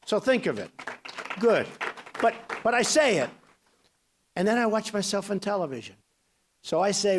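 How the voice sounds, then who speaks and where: A man in his sixties delivers a loose, rambling campaign speech, bragging freely and drifting off on tangents. His voice sits fairly high for a man, and his delivery stays chatty rather than formal. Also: big pitch swings, normal speed, pauses often. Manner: boastful, rambling, conversational. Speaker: political candidate.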